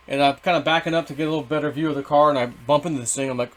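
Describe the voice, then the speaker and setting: A middle-aged man telling a story in a rambling, excitable way, swearing and then softening his words. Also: fairly high pitch, fast talker, hardly any pauses. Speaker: vlogger. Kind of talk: casual storytelling.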